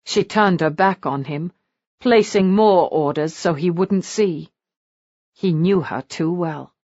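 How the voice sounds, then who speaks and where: A woman narrating a historical romance audiobook in an expressive, animated reading style. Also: lowish voice, slow, dry recording, dull audio.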